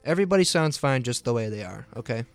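A man's voice: medium pitch, animated, fast, no room sound, soft background music. A man co-hosting a podcast in casual chat, playful and teasing. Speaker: podcast co-host.

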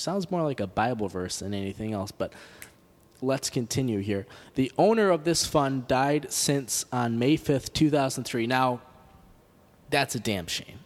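Deadpan man hosting a podcast, reverberant. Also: mid-range voice, a little slow. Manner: deadpan mock-serious reading with sarcastic asides. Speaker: podcast host. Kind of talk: comedic podcast monologue.

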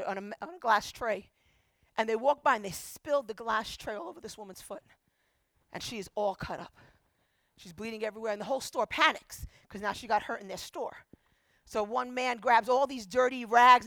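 Woman pastor, storytelling sermon, high pitch, emphatic and animated. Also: no room sound. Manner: animated, acts out quotes, emphatic repetition.

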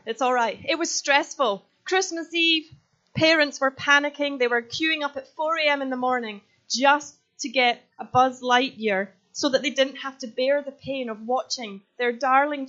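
Scottish woman in her 30s preaching, bit high voice, kinda muffled lo-fi recording. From Scotland. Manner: lively, joking, then earnest and urgent. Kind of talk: sermon with props and stories. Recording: slightly dull, lo-fi sound.

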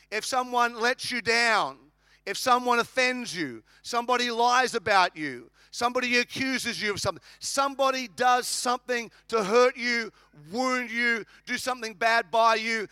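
A man's voice: very high-pitched, sharp tone, smooth, no room sound. An Australian man preaching a sermon, emphatic and humorous, with lots of repetition. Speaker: pastor.

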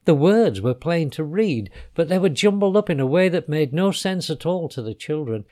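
A man narrating a children's storybook in an expressive, unhurried way. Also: on the high side.

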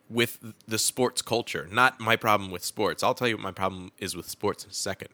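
A man's voice: on the low side, a little fast, few pauses, no echo. Wired, stuffy-nosed podcast man. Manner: rambling, profane, wired and excitable. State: stuffy with a head cold. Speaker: podcast host. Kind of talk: solo podcast monologue.

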